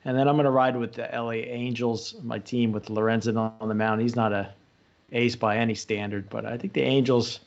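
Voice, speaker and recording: A man's voice: mid-range voice, steady tone, brisk, vocal fry, highs cut off. A man on a sports betting panel, stating his picks in a plain, matter-of-fact way. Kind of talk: casual chat.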